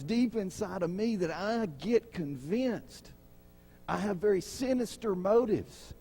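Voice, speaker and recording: A pastor preaches a sermon in a conversational way, asking the congregation questions and acting out the people in his stories. His high-pitched voice is expressive, warm and husky, delivered at a measured pace.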